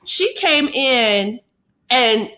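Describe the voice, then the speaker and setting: An animated woman co-hosts a podcast, recounting a story with lots of energy. Her voice is bright and sits a little high, with bursts of loud laughter. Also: very slow. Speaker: podcast co-host. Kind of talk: casual chat.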